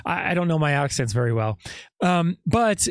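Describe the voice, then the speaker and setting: A man's voice: on the high side, expressive, moderate pace, clean tone, no echo, clean studio sound. A man hosting a podcast, giving skeptical true-crime commentary full of rhetorical questions. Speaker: podcast host.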